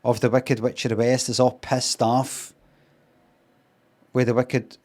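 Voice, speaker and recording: A man's voice: mid-range voice, little pitch movement, unhurried, a little mellow. A man with a Scottish accent giving a casual, rambling review on a live stream, sweary and wry.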